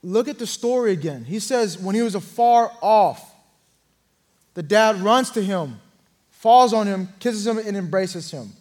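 An earnest young man preaching his own testimony from the pulpit. His voice sits high for a man, and he tells the story plainly before building louder at the turning points. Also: lively intonation, unhurried. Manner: earnest, storytelling, swells louder at key moments. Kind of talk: sermon testimony.

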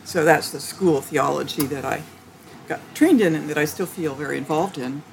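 A woman theologian answering interview questions in a thoughtful, halting way, with frequent restarts and light laughter. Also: deep voice, expressive, creaky, a little hiss or hum. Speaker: theologian guest.

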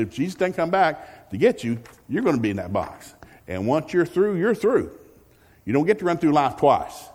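Man, pastor, folksy storytelling sermon, higher voice, swooping pitch, long hall echo. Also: slightly rough. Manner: folksy, joking, animated storytelling. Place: church sanctuary. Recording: long reverb of a large hall.

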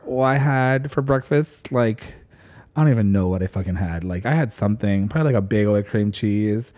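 Animated man telling workout stories. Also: on the low side, a little fast. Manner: animated storyteller, acts out quotes loudly. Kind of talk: casual chat.

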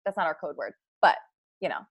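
A woman's voice: sits low, very animated, fast, slightly rough. Casual co-host: a woman, chatty and easy-laughing, talking with her partner. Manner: chatty, laughs easily, lots of "like". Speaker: podcast co-host.

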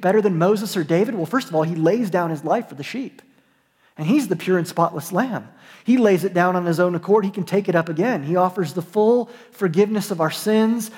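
A high-pitched male pastor delivers an earnest, emphatic sermon, often repeating and restarting his words. His voice rings out with a long reverb, as in a large hall. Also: darkish tone.

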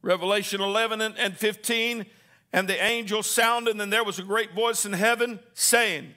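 A man preaching a sermon, calling on the congregation to answer back and rising into shouted lines. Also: high-pitched, fairly even intonation, moderate pace. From Southern Indiana.

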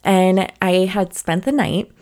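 A woman's voice: medium pitch, slow pace, darkish tone. A woman hosting a podcast, telling a personal story in a candid, chatty way and laughing now and then. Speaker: podcast host. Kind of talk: casual solo podcast storytelling.

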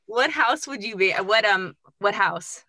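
A woman's voice: mid-range voice, lively intonation, measured pace, sharp tone, dry recording. A woman hosting a podcast, chatting casually and asking her guests curious questions. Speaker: podcast host. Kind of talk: casual chat.

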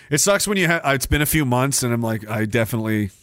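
A man's voice: mid-range voice, lively intonation, fairly quick, fairly bright tone, slight background noise. A man hosting a podcast stream, reading chat messages aloud and ranting in a profane, sarcastic way that wanders off on tangents. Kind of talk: casual ranting livestream talk.

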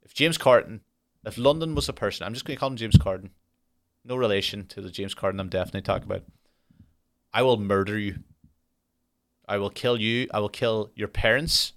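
A young man hosting a solo podcast, telling an exasperated travel story and ranting with heavy swearing and dark jokes. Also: fairly low pitch, a little fast, pauses often. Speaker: podcast host.

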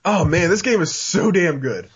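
Male podcast host, casual rambling chat, slightly high voice, dull lo-fi recording. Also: animated, moderate pace, slightly rough. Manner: rambling, lots of "like" fillers, laughs often. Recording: dull lo-fi audio.

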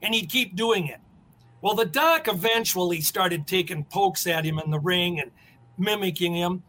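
A man spins blunt, colorful anecdotes as a podcast co-host. His voice sits high and sounds bright and forceful. A faint noise runs under the recording. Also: normal speed. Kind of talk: storytelling chat.

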